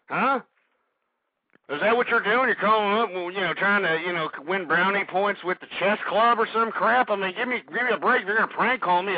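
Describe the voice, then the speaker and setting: A man's voice: sits high, dry recording. A man hosting a call-in radio show, ranting combatively at callers and repeating himself. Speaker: radio talk show host. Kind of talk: angry call-in radio commentary. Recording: dry phone-like radio audio.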